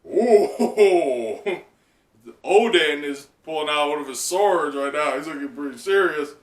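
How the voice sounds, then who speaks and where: A man giving casual live reaction commentary, chatty and excitable, leaning on "like" as he talks. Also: fairly high pitch, moderate pace. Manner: excitable, chatty, heavy use of "like". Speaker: manga reaction channel host. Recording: roomy sound from a distant mic.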